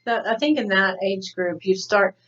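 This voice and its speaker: A woman co-hosting a podcast in casual chat, agreeable and quick to affirm. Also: medium pitch, a bit bright. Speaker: podcast co-host. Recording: dull lo-fi sound.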